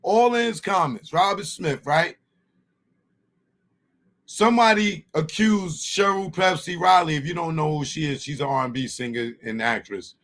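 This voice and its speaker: A man with a high, light voice hosts a casual commentary. He is animated and dismissive and talks in loose street slang. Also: moderate pace. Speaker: host.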